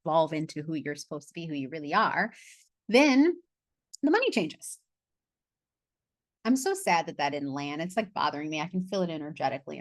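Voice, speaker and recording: A woman's voice: on the low side, big pitch swings, moderate pace, pauses often, dry recording, studio quality. Chatty, laughing woman coach on a call. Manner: chatty, laughs and swears, loses her train of thought. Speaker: money coach leading a masterclass. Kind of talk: casual live online class. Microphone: video call.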